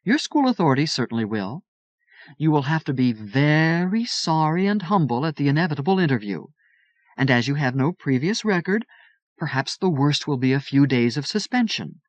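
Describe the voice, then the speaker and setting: A man reading the part of a calm, wise aunt in a crisp, pleasant, measured voice. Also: a little high, no room sound, highs cut off. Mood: calm, reassuring.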